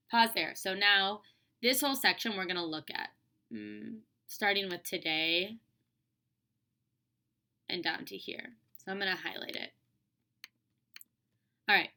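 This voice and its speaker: Young woman, teacher, casual explaining, fillers like "um", bright tone, middle pitch. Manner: casual, chatty, lots of "like" and "um". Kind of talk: reading aloud and explaining a lesson.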